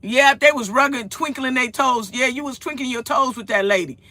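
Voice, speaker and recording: A woman's voice: high voice, moderate pace, dry recording. A woman, chatting casually to her viewers from her home kitchen and telling a rambling story with lots of repetition. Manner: animated, rambling storytelling with repeated phrases. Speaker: vlogger.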